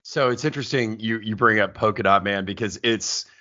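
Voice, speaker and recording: Bright-voiced middle-aged male host. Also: on the low side, brisk. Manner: talkative, animated storyteller. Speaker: podcast host. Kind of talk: casual movie discussion. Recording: dull lo-fi sound.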